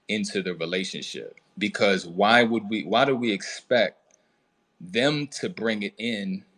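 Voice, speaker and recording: A man with a very deep, low voice talks calmly as a host and coach. He speaks in a measured way, pausing and restarting often, as if he is thinking aloud. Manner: measured, halting, many fillers. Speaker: trauma recovery coach and host. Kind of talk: reflective casual talk.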